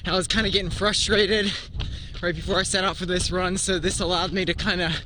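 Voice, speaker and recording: A young man with a rather high voice chats freely to his handheld camera while jogging down the road. He talks casually, like a running diary. Faint outdoor noise and passing vehicles sit underneath his voice. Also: little pitch movement, a little fast. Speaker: vlogger training for a marathon.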